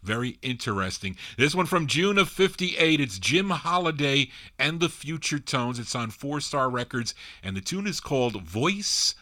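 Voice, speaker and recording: A man's voice: medium pitch, big pitch swings, measured pace, few pauses, bright, forceful tone. A man hosting an oldies record show, chatting casually between records and answering listener questions. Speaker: radio DJ host. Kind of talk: oldies radio DJ patter.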